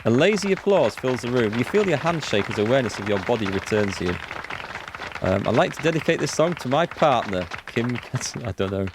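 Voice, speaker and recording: A man's voice: medium pitch, big pitch swings, brisk, background noise. Man casually narrating a game. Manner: reads game text aloud, chuckles often. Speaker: let's play host. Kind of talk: casual gameplay commentary.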